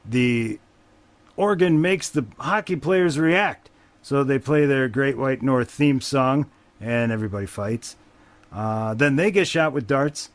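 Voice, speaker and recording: A man's voice: mid-range voice, no room sound. A man hosting a podcast, casually recapping a movie plot in a wry, rambling way with frequent swearing. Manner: profane, wry, rambling with fillers. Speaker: podcast host.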